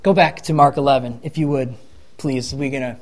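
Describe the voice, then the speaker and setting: A man's voice: mid-range voice, steady tone, fairly quick. A man preaching a sermon, reading scripture and acting out the crowd's and Pharisees' words with rising emphasis.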